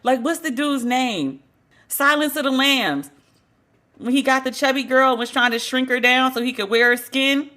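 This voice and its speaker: A woman's voice: sits high, normal speed, pushed and bright. A woman hosting a podcast, giving blunt, wry gossip commentary with laughing asides and casual swearing. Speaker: podcast host.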